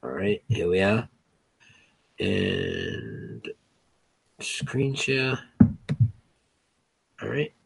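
A man's voice: deep voice, huge pitch swings, drawn-out words, gravelly, long pauses, slightly rough. A man co-hosting a casual online show, rambling with restarts, swearing freely in disbelief. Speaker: co-host.

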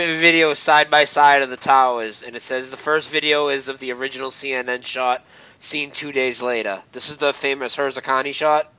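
Co-hosting an internet radio show, a man chats casually, laughing easily as he talks and filling his speech with uh, um, and restarts. His mid-range voice is pushed and bright with a clean tone, captured on a dry recording with a dull lo-fi sound.

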